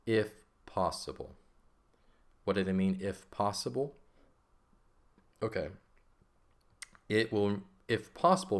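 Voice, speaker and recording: A man teaching from a textbook in a patient, step-by-step way, often pausing to check in with "okay?" and "right?". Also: sits low. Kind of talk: classroom explanation of a textbook.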